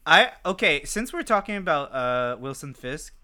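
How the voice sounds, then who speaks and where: On a podcast mic, a male co-host chats casually and animatedly, full of fillers and curse words. His voice is a little high and sing-song, with a sharp tone and moderate pace.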